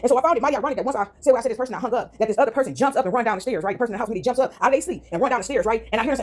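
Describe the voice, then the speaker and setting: A woman ranting casually to her viewers from home into a phone, animated and rambling, tagging on "right?" and "y'all" constantly. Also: on the high side, very fast, few pauses. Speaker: vlogger. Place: at home, indoors.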